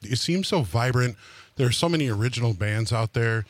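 A man's voice: medium pitch, animated, brisk, no echo. A man co-hosting a radio show, explaining things in casual chat with a rambling, filler-heavy manner.

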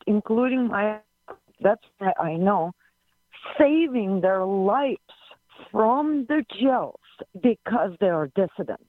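A woman's voice: mid-range voice, no room sound. A woman calling in to a radio show, searching for words as she talks. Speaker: caller. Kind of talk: call-in comment. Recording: tinny phone line.

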